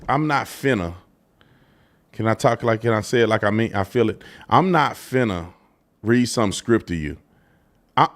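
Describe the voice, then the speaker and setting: A man hosting a live commentary show, talking in a fired-up, emphatic way and acting out tough talk. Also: mid-range voice. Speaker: host.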